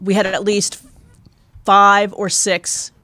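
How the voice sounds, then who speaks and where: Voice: mid-range voice, little pitch movement, slow pace, pushed and bright, no echo. A comic shop co-host chatting casually and upbeat, often humming agreement. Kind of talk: casual podcast chat.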